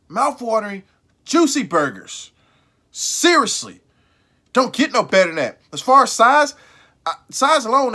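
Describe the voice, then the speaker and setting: A man giving a casual, emphatic fast food burger ranking, slangy and profane, often repeating himself. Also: high-pitched, bright, forceful tone. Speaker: food reviewer vlogger.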